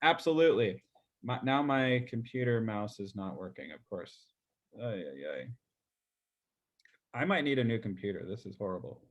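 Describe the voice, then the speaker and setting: A man's voice: fairly low pitch, sing-song, normal speed, pauses often, lo-fi sound. A man coaching real estate agents on a group video call, talking loosely with lots of fillers and repeated words.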